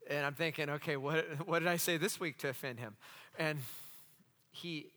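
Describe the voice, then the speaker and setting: A man's voice: on the high side, normal speed. A man preaching as a pastor, telling stories with acted-out dialogue and jokey asides. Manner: animated, acts out dialogue in the stories. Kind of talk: sermon with storytelling. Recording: long hall reverb.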